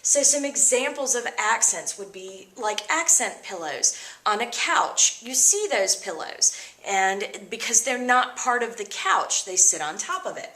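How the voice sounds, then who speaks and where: A woman teacher explaining vocabulary words to her students in an upbeat, expressive way. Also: a little high, measured pace, roomy sound. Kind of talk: vocabulary lesson.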